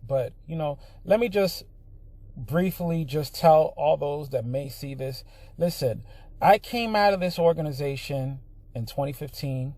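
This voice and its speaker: A vlogger of Puerto Rican heritage talks casually straight into the camera, leaning on lots of "you know" fillers, then builds into a heated, loud rant. His voice is on the high side, and the recording is dry.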